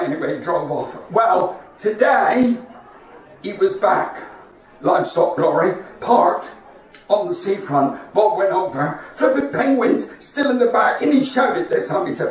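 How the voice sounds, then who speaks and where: A man hosting a comedy show, spinning rambling anecdotal jokes in a high voice. He sounds far from the mic in a very echoey room, with faint noise behind him. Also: expressive, normal speed. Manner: rambling anecdotal one-liners. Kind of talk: stand-up joke telling.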